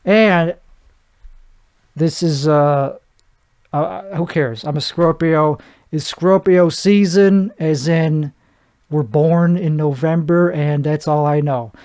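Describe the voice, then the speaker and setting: A man's voice: a little high, fairly even intonation, slow, a little mellow, smooth. A man hosting a solo podcast, rambling from one thought to the next in a joking, self-deprecating way. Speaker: podcast host.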